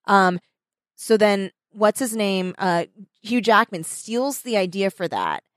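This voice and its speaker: A woman in casual chat, recapping a movie with animated storytelling, lots of fillers and casual swearing. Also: mid-range voice, slow pace, no room sound.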